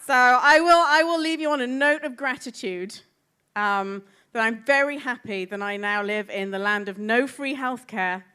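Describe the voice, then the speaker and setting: A woman's voice: a little high, unhurried, sharp tone, clean tone. A woman with a British accent doing stand-up comedy on a club stage, with a dry, wry delivery. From Britain. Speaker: stand-up comic.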